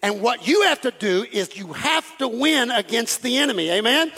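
A man preaching an animated sermon, acting out dialogues and repeating phrases. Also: very high-pitched, normal speed, husky. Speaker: pastor.

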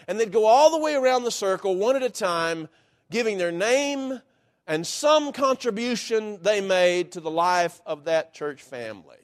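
Male preacher, high voice, folksy deliberate sermon storytelling. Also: expressive.

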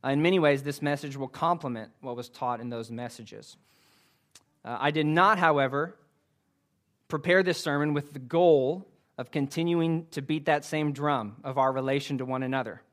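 A man's voice: on the high side, moderate pace, a bit bright. Earnest man preaching a sermon. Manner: earnest, careful, with frequent "uh" fillers. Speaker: pastor.

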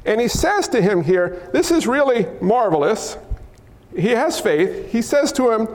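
A male pastor preaching a sermon in a church hall, wearing a mic, animated and acting out crowd cries and quoted lines. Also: sits high, normal speed. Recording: long hall reverb.

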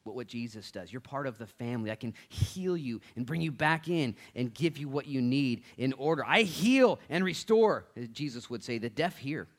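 A man preaching a Bible study sermon as a pastor, animated and joking, swinging from loud to hushed. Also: medium pitch, brisk, few pauses.

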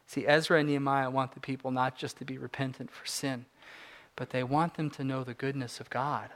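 A man in his forties preaching a sermon, earnest, moving between soft reflective passages and rising emphatic ones. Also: mid-range voice, level tone, brisk. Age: 40s. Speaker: pastor.

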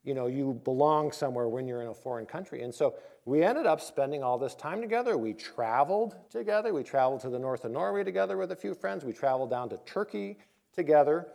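A man's voice: mid-range voice, expressive, fast talker, gravelly, a little mellow. A man, a pastor, preaching a conversational sermon, telling a personal story and acting out quoted voices before reading scripture.

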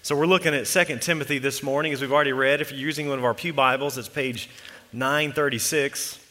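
A male pastor delivers a sermon in a bright, forceful voice. He preaches in a measured way, slowing to lean on key words, and the long reverb of a church sanctuary trails after each phrase. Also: medium pitch, steady tone.

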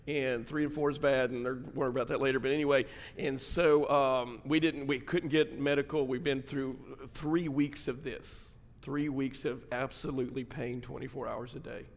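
Middle-aged pastor guy, gravelly bright voice, sermon in a big echoey church, goes from hushed to shouting. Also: medium pitch, fairly even intonation, normal speed, hardly any pauses. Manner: swings from hushed storytelling to shouted fervent preaching. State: in pain from a back injury. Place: church sanctuary. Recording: long hall reverb.

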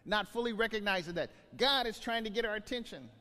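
A man preaching a sermon as pastor, animated, often repeating words as he acts out scenes. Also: sits high, fast talker, in a large hall.

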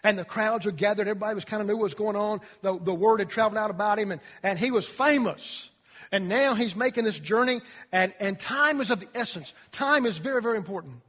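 A male pastor preaching a sermon, telling the story dramatically and dropping to quiet emphasis. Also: high voice, fast talker, long reverb tail.

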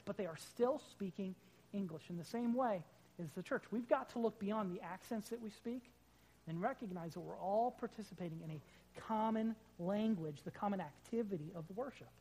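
A man's voice: sits high, animated, a little fast, a little mellow, low-quality recording. A man preaching a sermon in a church to a live congregation, talking casually and joking with the people in the pews, on a corded microphone. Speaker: pastor.

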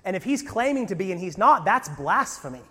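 A man preaching a sermon as pastor, lively and conversational, with jokes and asides to the congregation. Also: high-pitched, brisk, slightly rough, big-room sound.

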